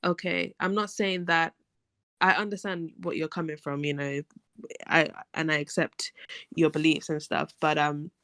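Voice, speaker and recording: A woman's voice: sits low, level tone, moderate pace, fairly bright tone, no echo. A woman, arguing her point with passion in a casual podcast discussion. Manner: passionate, emphatic, argumentative. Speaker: podcast co-host.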